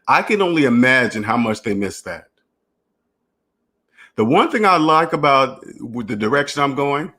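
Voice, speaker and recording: A man's voice: mid-range voice, sharp tone. A man hosting a finance channel, talking in a rambling, repetitive solo monologue and acting out imagined dialogues. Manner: repetitive, restarts phrases, emphatic.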